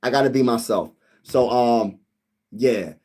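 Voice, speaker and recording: A young man hosting a casual sports livestream, reading comments aloud and chatting excitedly with viewers. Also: medium pitch, measured pace. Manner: excitable, talks to viewers as "y'all", sings snippets.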